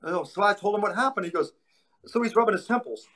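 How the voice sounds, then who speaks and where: Animated storytelling man, higher voice. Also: quick pace. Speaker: martial arts instructor, guest. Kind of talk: casual storytelling interview.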